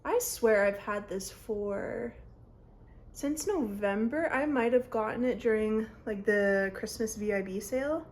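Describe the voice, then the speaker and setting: A woman's voice: fairly high pitch, a little slow, a little mellow. Chatty young woman doing a makeup vlog. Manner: chatty, rambling, self-interrupting. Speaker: beauty vlogger. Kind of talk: casual makeup tutorial chat. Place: home, by a mirror. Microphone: phone camera.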